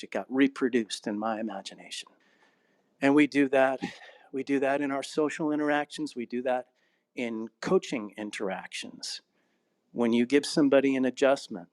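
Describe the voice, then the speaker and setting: A man who is an actor, narrator and acting coach, talking reflectively in an interview and telling stories with a laugh, slowing down on key phrases. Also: medium pitch, no echo. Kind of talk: casual interview conversation.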